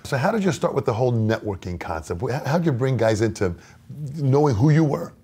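A man's voice: medium pitch, sing-song, fairly quick, warm tone, husky. A man interviewing a guest, encouraging and conversational, sometimes restarting his questions.

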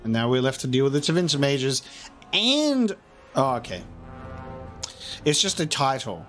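A man's voice: mid-range voice, sing-song, normal speed, a bit bright. A man giving casual gameplay commentary, chatty and self-mocking, swearing and laughing often. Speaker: let's play gamer. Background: faint game music.

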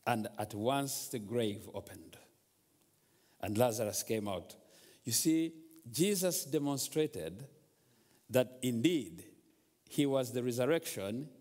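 Man, guest preacher, sermon, slow, long church hall reverb. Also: medium pitch, animated, a little mellow. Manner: storytelling, rising to exhortation.

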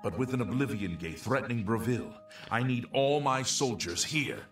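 An actor playing a dutiful male count in a fantasy game who speaks formally and in measured tones. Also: medium pitch, lively intonation, distant mic, faint music behind, lightly acted. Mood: regretful. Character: weary male count, dutiful, refusing aid.

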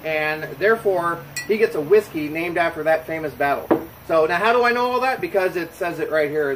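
Host reviewing whiskey, man, high voice, easygoing and jokey, faint background hum. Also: poor audio. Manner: relaxed, joking, chatty with fillers. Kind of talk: casual chat to camera. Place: home bar.

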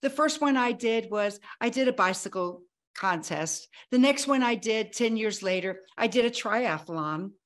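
Lively woman in her sixties telling her story. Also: fairly high pitch, a little slow. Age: 60s. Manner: dramatic storyteller who acts out remembered dialogue. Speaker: guest, health coach. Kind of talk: personal storytelling in a podcast interview.

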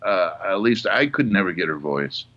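A male comedian guest in casual chat, halting and hesitant. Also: low-pitched, big pitch swings, a bit bright. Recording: dull lo-fi audio.

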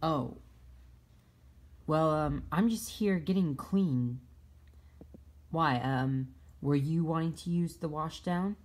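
A woman's voice: low-pitched, slow pace, long pauses, darkish tone. A woman voicing a shy, timid new female engine who talks hesitantly, in a fan drama. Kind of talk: amateur fan drama voice acting.

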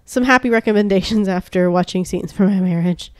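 Playful woman, quick comebacks, dry room. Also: mid-range voice, no room sound. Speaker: podcast co-host. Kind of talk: casual chat.

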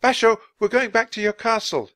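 Man putting on eager young girl, high bright voice, urgent insistent cries, storybook reading, lively swoops. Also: a little fast, dry recording, clean studio sound. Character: eager brave young girl, quick and hopeful.

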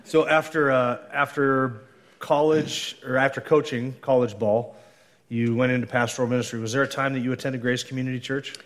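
Male Q&A host, brief plain questions, mid pitch. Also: fairly even intonation, moderate pace, fairly bright tone. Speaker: interviewer, Q&A host. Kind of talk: interview questions. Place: church hall.

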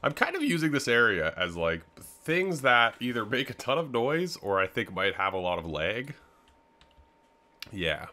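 A man's voice: medium pitch, wildly swooping pitch, unhurried, sharp tone. A young man, rambling easily through casual game commentary with lots of filler words. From Canada. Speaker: gaming video host.

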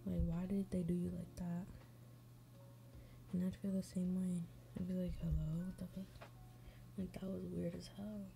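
A woman's voice: fairly low pitch, little pitch movement, moderate pace, gravelly, pauses often, warm tone, a little hiss or hum. A woman hosting an advice show, chatting casually and bluntly with lots of swearing while doing her makeup and reading stories, sometimes mumbling under her breath. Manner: blunt, profane running commentary.

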